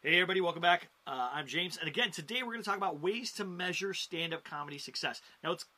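A man hosting a show on stand-up comedy, talking casually to camera, animated, with sudden jumps in pitch and loudness for emphasis. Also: fast, soft background music.

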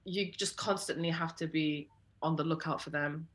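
A young woman, co-hosting a podcast and telling travel stories in a lively, casual way, full of "like" fillers. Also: low-pitched, moderate pace. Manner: animated, lots of "like" fillers, jumps into quoted voices. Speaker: podcast co-host. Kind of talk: casual storytelling chat.

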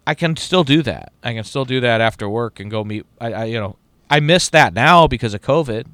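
A man's voice: medium pitch, brisk, a bit bright, clear, resonant tone, no room sound. A middle-aged man in casual chat as a podcast host, rambling and profane with lots of restarts.

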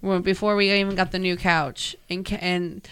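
A woman casually telling a story, animated and swearing, jumping in to finish the others' lines. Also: lowish voice, normal speed, clear, resonant tone.

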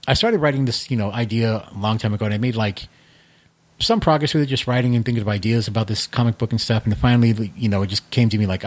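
A man in his thirties, a guest in a casual podcast chat, talking in a relaxed, rambling way with many fillers. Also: lowish voice, quick pace. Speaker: guest, comic creator.

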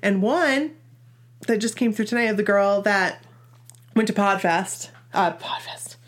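A woman's voice: mid-range voice, measured pace. A woman in her forties from Maine, with a Maine accent, chatting casually and upbeat as a podcast co-host. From Maine, USA. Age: 40s. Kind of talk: casual chat.

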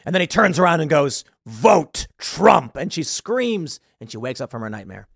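A man's voice: on the high side, very animated, fast talker, vocal fry, a bit bright, no room sound, studio quality. A man hosting a commentary show, reading out a news story and mocking it with sarcastic asides. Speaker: show host.

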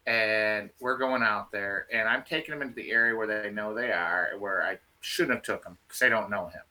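A man telling a field story in a casual, animated way, restarting his sentences often. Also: lowish voice, moderate pace. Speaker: field researcher guest.

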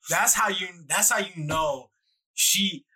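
A man co-hosting a podcast, chiming in with quick banter and wrapping up the show. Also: high-pitched, bright, forceful tone, slightly rough, poor audio. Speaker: podcast co-host. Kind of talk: casual chat.

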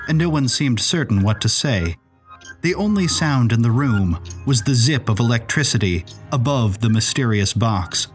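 Expressive male storyteller. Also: mid-range voice. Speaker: narrator. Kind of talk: scripted storybook narration.

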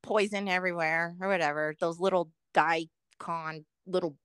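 A middle-aged woman co-hosting a casual podcast, telling a story with constant swearing and lively animation. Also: lowish voice, moderate pace, clear, resonant tone, dry recording. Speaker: podcast co-host.

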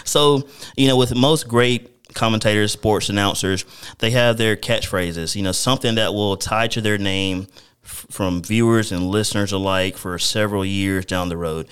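A man's voice: fairly low pitch, fairly even intonation, moderate pace, a bit bright, clear, resonant tone. A man hosting a casual sports interview show, chatting easily with his guest and often calling him "man". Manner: friendly, calls the guest "man". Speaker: radio show host interviewing a student athlete.

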